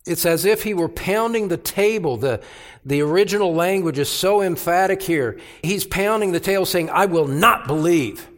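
A man delivers an expository sermon at an unhurried pace. His voice sits somewhat high, and he leans on repeated words for stress. He swings between hushed passages and loud ones. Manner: emphatic, with dramatic swings between quiet and loud. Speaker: pastor.

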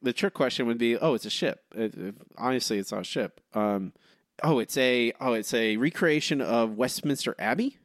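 A man co-hosting a casual podcast and running a trivia quiz, teasing his partner with quick asides. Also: mid-range voice, dry recording, clean studio sound. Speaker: podcast co-host and quiz master.

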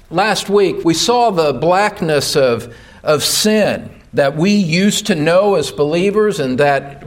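A man preaching a sermon from a church pulpit, emphatic and building to loud rhetorical questions. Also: fairly high pitch. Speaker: pastor.

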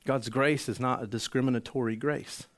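Male pastor, mid-pitch, animated sermon storyteller. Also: moderate pace. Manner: animated storytelling, acts out the healed man's joy.

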